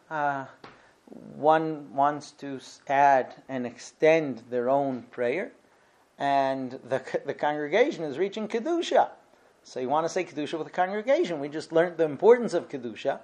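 A middle-aged man with a slightly higher voice gives an informal lesson on Jewish law. He talks conversationally, stops and restarts his sentences, and lays out each point step by step. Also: expressive, moderate pace, a little mellow. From Israel. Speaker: rabbi teaching Jewish law.

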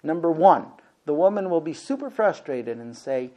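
A man's voice: a little high, sing-song, moderate pace, mellow, dull audio. A man lecturing a class about marriage, animatedly acting out both sides of conversations.

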